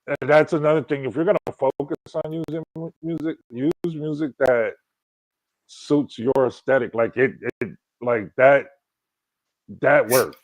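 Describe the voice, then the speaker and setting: A man's voice: mid-range voice, fairly even intonation, measured pace, dry recording, rough recording. A man co-hosting a livestream, telling rambling stories in casual chat. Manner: rambling storyteller, many restarts. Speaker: livestream co-host.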